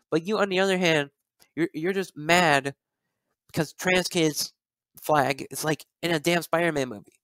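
A man's voice: sits high, a bit bright, no echo, studio quality. A young man in a heated, profane callout rant, stumbling over repeated words as he goes. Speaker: video creator.

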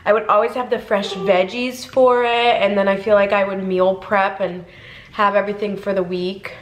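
A woman's voice: medium pitch, little pitch movement, moderate pace, reverberant, highs cut off. Chatty young woman vlogging in a car. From Ohio, USA. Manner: chatty, rambling with many fillers. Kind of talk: casual mukbang chat. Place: inside a car.

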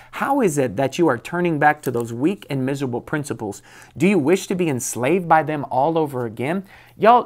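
Emphatic pastor giving a devotional. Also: male voice, a little high. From United States. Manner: emphatic, reads scripture and laughs at his own anecdotes. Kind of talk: devotional sermon.

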